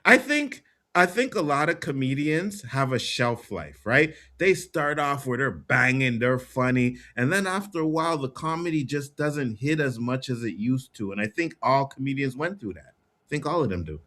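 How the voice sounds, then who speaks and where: A man's voice: medium pitch, animated, normal speed, pushed and bright. Easygoing man agreeing in casual chat. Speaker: livestream co-host.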